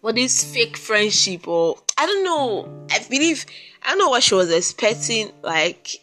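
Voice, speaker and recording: A Nigerian woman hosting a podcast, telling a personal story in a casual, animated and exasperated way, repeating herself for emphasis. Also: on the high side, measured pace, soft background music. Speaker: podcast host.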